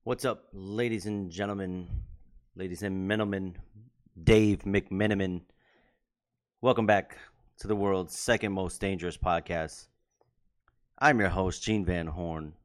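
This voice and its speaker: A man's voice: low voice, fairly even intonation, measured pace, pauses often. A man hosting a casual podcast, giving loose hype-man introductions and joking with his friends while he eats. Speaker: podcast host. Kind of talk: casual chat.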